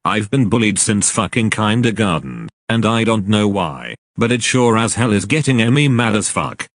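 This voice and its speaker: A man's voice: fairly low pitch, big pitch swings, normal speed, no echo. A man narrating a storytime, ranting angrily with constant swearing. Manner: angry, profane ranting.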